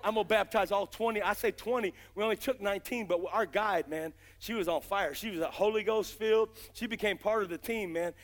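A middle-aged man preaching a fiery revival sermon, impassioned with shouted bursts and drawn-out emphasis, folksy in his speech. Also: high voice. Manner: folksy, uses "gotta" and "ain't".

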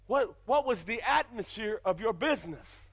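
A man's voice: high-pitched, animated, moderate pace, a bit bright, slightly rough. A man pastor preaching a sermon in a church, emphatic and full of repeated rhetorical questions.

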